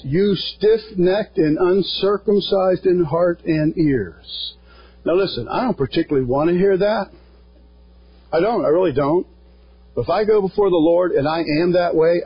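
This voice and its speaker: A pastor preaching a sermon, earnest and plain-spoken, quoting scripture along the way. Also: male voice, a little high, breathy edge. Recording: dull lo-fi sound.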